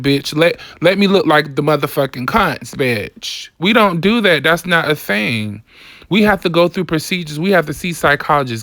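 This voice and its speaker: A woman's voice: deep voice, fairly bright tone, no room sound, studio quality. A woman vlogger delivering a casual commentary rant, sassy, blunt and profane.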